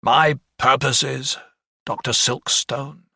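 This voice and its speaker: A man's voice: medium pitch, animated, moderate pace, creaky, pushed and bright, no echo, studio quality, far from the mic, exaggerated voice. A man voicing a ruthless, scheming English lawyer who talks in a sneering, sardonic way.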